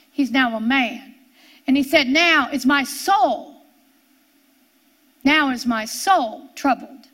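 A woman preaching a sermon, reading scripture slowly and drawing out her words. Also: high voice, sharp tone. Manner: slow, drawn-out scripture reading.

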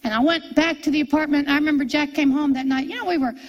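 A middle-aged woman preacher telling a personal story in a sermon, animated and repeating key phrases for emphasis. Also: sits high, fast talker, highs cut off.

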